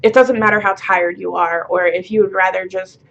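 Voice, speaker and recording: Woman, tired, blunt and foul-mouthed, rambling confessional vlog, middle-pitched voice, dull lo-fi sound. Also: steady tone, a little fast, gravelly, a bit bright. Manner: blunt, frank, swears freely, rambling with many fillers. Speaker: vlogger. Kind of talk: casual confessional monologue.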